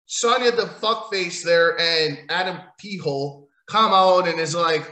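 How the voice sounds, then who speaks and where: A man's voice: fairly high pitch, slow, few pauses, pushed and bright. Sarcastic, swearing man in an echoey room. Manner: sarcastic, rambling, swears often. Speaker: wrestling show recapper. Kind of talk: casual profane rant recap.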